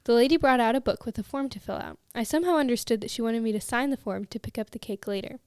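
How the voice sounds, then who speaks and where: A woman co-hosting a podcast, reading listener stories aloud and chatting with a giggly, animated manner. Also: on the high side, quick pace, smooth, no room sound. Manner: giggly, animated when amused. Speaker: podcast co-host.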